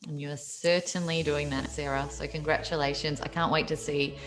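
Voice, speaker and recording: A woman's voice: deep voice, fairly even intonation, brisk, music in the background. A woman hosting a podcast, asking questions in casual, encouraging interview chat. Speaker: podcast host.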